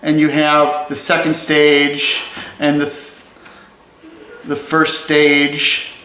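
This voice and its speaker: A man's voice: a little high, monotone, drawn-out words, sharp tone, reverberant, rough recording. A man giving a casual, playful drawing lesson as he sketches, chatty and full of jokey asides. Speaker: drawing teacher.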